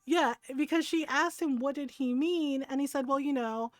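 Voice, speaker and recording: A woman's voice: high-pitched, moderate pace, dry recording. Chatty woman streamer, dry close sound. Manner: chatty storytelling, laughs often, swears freely. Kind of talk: casual chat while gaming on stream.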